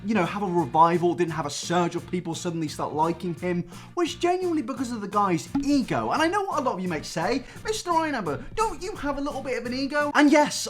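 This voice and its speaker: Jokey man with lively pitch. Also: breathy edge. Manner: self-mocking, jokey, sarcastic asides. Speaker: YouTube commentator. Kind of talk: comedic commentary vlog.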